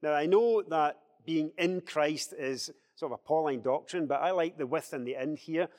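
A man leading a Bible study discussion, explaining scripture with lively acted-out quotes. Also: fairly high pitch, moderate pace, big-room sound. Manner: animated, acts out quoted speech in a raised voice.

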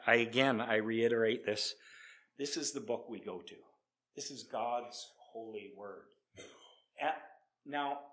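Guy preaching hard, bright forceful voice, gets loud then drops quiet, keeps repeating himself. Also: mid-range voice. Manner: emphatic, swings from loud to hushed; repeats words, restarts often. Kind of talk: evangelistic sermon.

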